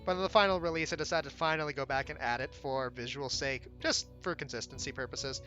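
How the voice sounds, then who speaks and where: A young man giving casual gameplay commentary as the game's developer, relaxed and self-deprecating, often restarting his sentences. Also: medium pitch, quick pace, highs cut off. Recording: game music playing faintly behind.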